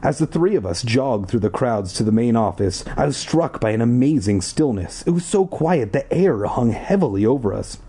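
Husky man reading a kids' book aloud. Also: medium pitch, animated, normal speed, few pauses, dark tone. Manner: wry, profane asides. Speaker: audiobook reader. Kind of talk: reading a children's book aloud with joking asides.

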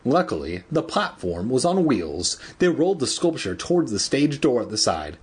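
A man reading a children's horror story aloud, breaking off now and then for joking, crude remarks. His voice is husky and breathy at a middle pitch, with a lively, animated lilt. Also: normal speed. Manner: joking, adds crude asides. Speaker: reader. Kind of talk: irreverent storybook reading with asides.

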